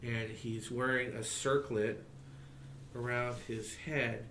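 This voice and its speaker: Slow-talking male game master. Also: mid-range voice, little pitch movement, a bit bright, slight background noise. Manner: slow, halting narration with fillers. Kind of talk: narrating a tabletop game. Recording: roomy echo.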